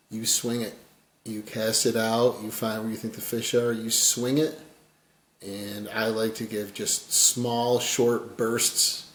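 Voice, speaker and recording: A man giving a casual fly tying tutorial, rambling and folksy, his voice often dropping quiet as he works. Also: lowish voice, roomy sound.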